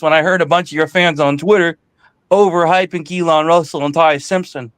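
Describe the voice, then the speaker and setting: A man calling in to a live sports talk show, boastful and loud in his trash talk. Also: a little high, steady tone, normal speed, smooth, no echo. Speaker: caller.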